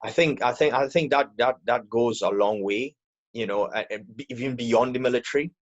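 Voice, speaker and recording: A man's voice: mid-range voice, a little fast, muffled recording. A man speaking as an interview guest in a casual, hesitant way, often repeating words as he gathers his thoughts. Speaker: guest, air force electrical technician.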